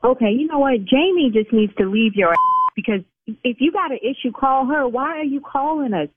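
A woman's voice: sits high, expressive, brisk, husky, no echo. A woman who runs a lash salon, arguing on the phone in an exasperated, scolding, defensive way. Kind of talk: heated phone argument. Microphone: telephone. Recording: tinny phone line.

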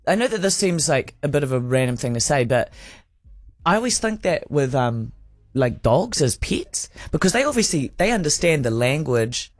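A man's voice: a little high, big pitch swings, moderate pace. A man co-hosting a radio show, chatting playfully and giggling. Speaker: radio co-host. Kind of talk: casual on-air banter.

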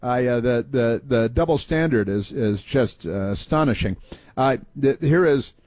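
A man's voice: medium pitch, a little slow, darkish tone, no echo. A man hosting a talk show, giving sarcastic, rambling political commentary with many fillers. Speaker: talk radio host.

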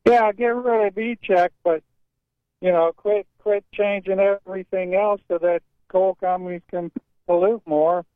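Brief: high-voiced male caller, plain-spoken grumbler, thin dry phone line. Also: fairly even intonation, unhurried, no echo. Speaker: radio caller. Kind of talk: call-in talk radio.

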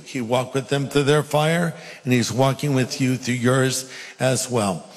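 A man preaching a sermon, speaking emphatically and reading scripture aloud with dramatic pauses. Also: fairly high pitch, big-room sound.

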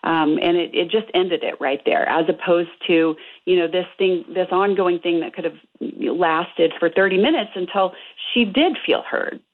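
A woman's voice: lowish voice, normal speed. A middle-aged woman, a couples therapist, explaining earnestly as a radio guest over the phone, with many fillers. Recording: tinny phone line.

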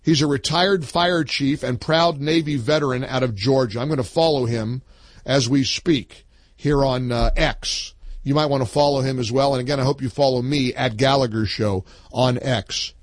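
A man's voice: medium pitch, normal speed, no echo. A man hosting a talk radio show, emphatic and opinionated, taking calls. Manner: emphatic, reads a listener's post aloud with punch.

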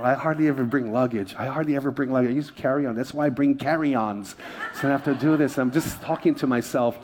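A man's voice: mid-range voice, steady tone, fast talker, darkish tone. A middle-aged male pastor, preaching a conversational sermon full of jokes and calls to the crowd. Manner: humorous, conversational, audience call-outs. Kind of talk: sermon with stories.

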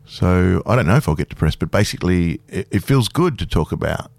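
A man's voice: low-pitched, lively intonation, fairly quick, vocal fry, a little mellow, no room sound. A man in his fifties, a guest speaking candidly and self-deprecatingly in a casual radio interview, laughing easily. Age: 50s. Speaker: guest performer.

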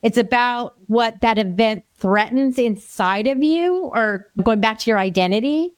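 A woman's voice: fairly high pitch, a little slow, dry recording. A woman hosting an interview, telling a family anecdote and asking questions in a conversational way.

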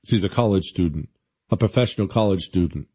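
A man hosting a talk radio show, mocking his targets sarcastically and then selling a supplement with loud sales patter. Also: sits low, fairly quick, slightly rough. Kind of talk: opinionated talk radio with live ad reads. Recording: dull lo-fi radio audio.

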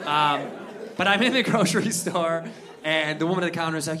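A man performing an animated stand-up comedy set on stage, telling a story and acting out loud voices. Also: fairly high pitch, fast. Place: live comedy venue with audience. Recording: live show with crowd noise and laughter.

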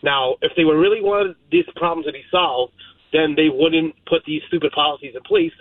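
A man phones in to a talk show with a fairly high voice, pressing his point hard and repeating it. He comes through a narrow, tinny phone line. The sound is dry. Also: moderate pace, no echo. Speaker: radio caller. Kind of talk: phoned-in opinion.

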